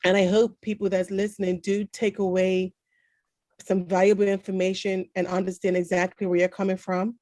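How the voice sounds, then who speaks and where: A woman's voice: mid-range voice, level tone, normal speed, darkish tone, dry recording, studio quality. A woman hosting an interview, soothing and reassuring, answering with short affirmations. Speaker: podcast host. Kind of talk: supportive interview chat.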